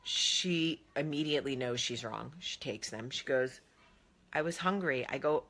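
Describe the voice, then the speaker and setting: A woman in her thirties, a vlog host telling chatty, animated stories about her family. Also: extremely low pitch, unhurried. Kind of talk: casual chat.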